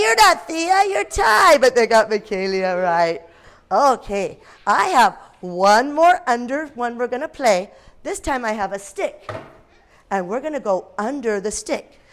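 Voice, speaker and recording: Expressive woman teacher in a classroom. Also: high voice. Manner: lively, expressive, with playful gasps. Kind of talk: classroom read-aloud and games.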